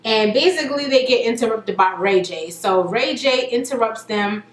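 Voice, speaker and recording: Woman vlogger, highish voice, chatty slangy recap, roomy echo. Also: lively intonation, moderate pace. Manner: chatty, slangy storytelling, acts out quotes. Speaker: TV reality show reviewer. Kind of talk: casual episode recap.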